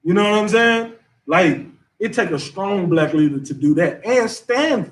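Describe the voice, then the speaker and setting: Emphatic higher-voiced man teaching a class. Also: animated, a little slow, recorded from a distance. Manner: emphatic, street-casual preaching. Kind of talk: scripture class discussion.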